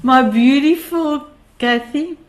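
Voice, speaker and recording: A woman's voice: high-pitched, slow. A woman hosting a panel show, effusive and encouraging toward her guests. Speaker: show host.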